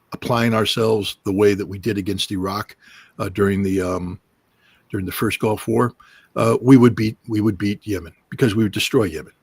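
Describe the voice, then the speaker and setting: A man's voice: lowish voice, slightly rough, no echo. A middle-aged man giving emphatic political commentary on a livestream, hammering points with repetition and mocking quotes of officials.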